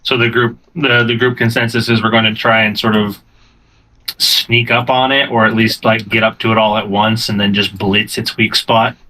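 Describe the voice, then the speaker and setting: A man running a tabletop game as game master, playful and quick to laugh. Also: lowish voice, a little hiss or hum. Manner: laughs often, playful and animated.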